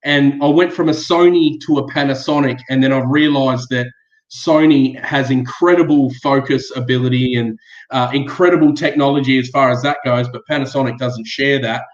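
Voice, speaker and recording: A man's voice: medium pitch, steady tone, normal speed. An Australian man as a podcast guest, chatting easily and laughing often. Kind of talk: casual chat. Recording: echoey, muffled remote audio.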